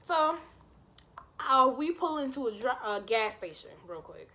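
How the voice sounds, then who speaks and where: High-pitched woman telling a storytime, chatty, swears a lot. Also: moderate pace. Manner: animated, chatty and profane. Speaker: vlogger. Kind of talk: storytime vlog.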